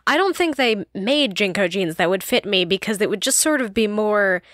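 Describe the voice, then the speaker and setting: A woman's voice: medium pitch, expressive, normal speed, a bit bright, no room sound. A woman co-hosting a casual book podcast, giggling often and using lots of fillers. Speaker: podcast co-host.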